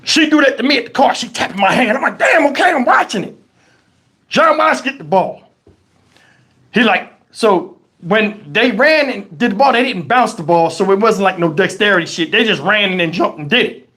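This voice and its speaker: Man, host, casual storytelling, profane, animated, very expressive pitch. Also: moderate pace. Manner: animated, profane, acts out voices. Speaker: channel host. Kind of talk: casual storytelling on a live stream.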